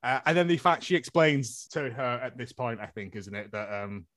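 A man's voice: medium pitch, expressive, normal speed, a bit bright, no room sound, clean studio sound. A man recapping a film in casual chat, sarcastic and joking, trailing off into mumbles.

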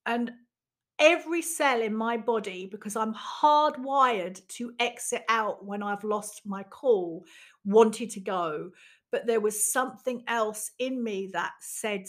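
A woman's voice: a little high, unhurried, a bit bright. A woman, a teacher of emotional skills, talking frankly and reflectively about her own experiences and swearing casually. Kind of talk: candid personal monologue.

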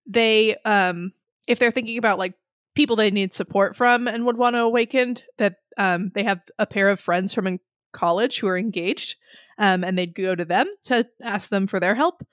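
A woman's voice: mid-range voice, moderate pace, no echo, studio quality. A young adult woman co-hosting a podcast, reading listener submissions in a chatty, giggly way with many ums. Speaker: podcast co-host.

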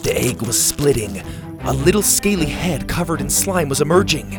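A man narrating a children's adventure story in a lively storytelling manner. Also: fairly high pitch, moderate pace, over music.

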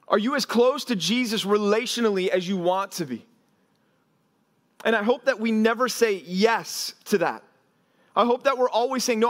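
High-voiced storytelling pastor preaching. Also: male voice. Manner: storytelling preacher with frequent "right?" asides and acted-out quotes. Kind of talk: sermon.

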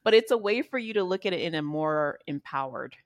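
Low-voiced woman coach, dry sound. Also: lively intonation, a little fast, no room sound. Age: 40s. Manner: reflective, warm-spoken with frequent fillers. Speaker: podcast guest, life coach. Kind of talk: casual interview conversation.

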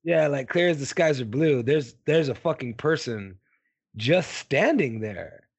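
A man's voice: medium pitch, expressive, a little slow, vocal fry, breathy edge, no echo. A man co-hosting a podcast in casual chat, swearing often and telling stories with animation. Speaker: podcast co-host.

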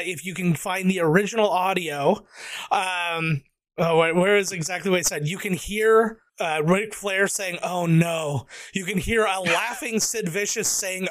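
A man on a podcast panel, telling a long story in a casual, animated way. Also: high-pitched, no echo.

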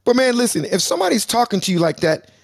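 A man's voice: extremely high pitch, big pitch swings, vocal fry, no echo. A man co-hosting a live debate, cutting in constantly and calling people bro. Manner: rapid, interrupts with repeated "hey" and "bro". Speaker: debate show host.

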